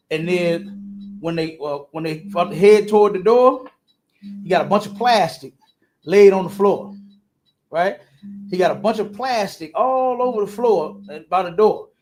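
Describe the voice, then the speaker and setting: High-voiced man telling an animated story. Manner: repeats words, laughs often, acts out quotes in a high voice. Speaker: podcast host.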